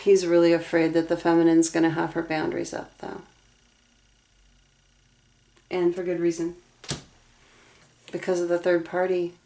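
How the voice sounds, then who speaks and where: Young woman tarot reader, low and steady pitch, earnest, personally invested delivery. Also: a little fast. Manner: earnest, emotionally invested, talks through cards aloud. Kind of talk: tarot reading monologue.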